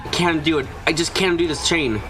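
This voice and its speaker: A man's voice: a little high, fast talker. A man reading a visual novel aloud on a let's play stream, giving the narration and the heroine's lines in his own voice. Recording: music playing behind.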